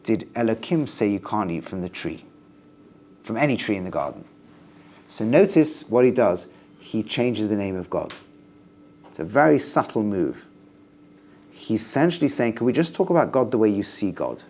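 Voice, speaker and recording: Animated rabbi lecturing a class. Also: male voice. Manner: animated, rising emphatic stresses, drops low on quotes. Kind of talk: lively Torah lecture with Hebrew quotes.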